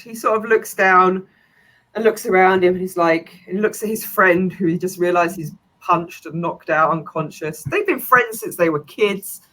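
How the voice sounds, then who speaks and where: A woman's voice: lowish voice, a bit bright, poor audio. A woman game master who narrates a tabletop game in a chatty way, with frequent laughs and fillers.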